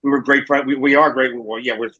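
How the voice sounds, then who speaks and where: A man's voice: medium pitch, steady tone, fast talker, bright, forceful tone, breathy edge, dull audio. A man with a New Jersey accent, a wrestling manager and guest, telling stories in a casual interview over a remote call. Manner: storytelling, acting out quoted voices.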